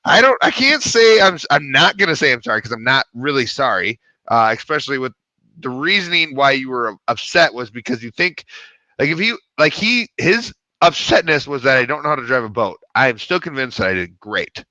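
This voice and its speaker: A man's voice: mid-range voice, brisk, no room sound, low-quality recording. A man casually telling a rowdy story, swearing freely and acting out the other people in it. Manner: animated, swearing, acts out quoted voices. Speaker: podcast co-host.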